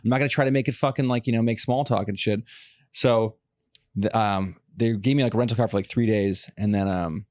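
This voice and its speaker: Guy ranting fast on a podcast, swears a lot, dry close sound. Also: on the low side, steady tone, darkish tone, dry recording. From Los Angeles area. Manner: profane, fast storytelling rants. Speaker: podcast host. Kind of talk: casual chat.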